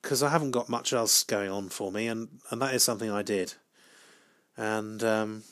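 A man hosting a solo podcast, rambling through a comic monologue in a deadpan, self-mocking way with frequent hesitations and restarts. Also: on the low side, moderate pace. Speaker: podcast host.

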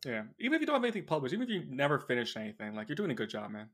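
A man's voice: medium pitch, wildly swooping pitch, very fast, fairly bright tone. A man co-hosting a comic podcast, playful and rambling, often breaking into laughs. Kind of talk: casual podcast banter.

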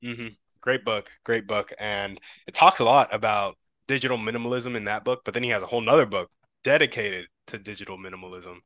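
A man's voice: fairly low pitch, brisk, fairly bright tone, dry recording. A man hosting a podcast, affirming his guest and asking long, thoughtful questions. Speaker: podcast host. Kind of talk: interview questions.

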